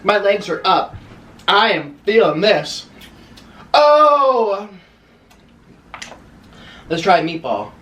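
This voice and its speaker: A man's voice: high-pitched, very animated, slow pace, long pauses, bright, forceful tone. A man doing a casual eating vlog as a YouTuber, gushing and exclaiming over his food between bites, indoors by a window. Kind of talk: mukbang eating vlog chatter. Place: indoors by a window in a city apartment.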